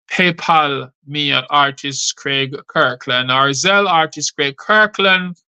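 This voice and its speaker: A man's voice: a little high, bright, forceful tone, smooth. A man who hosts a show and recites his rhyming poetry in a rhythmic delivery. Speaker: poet and show host.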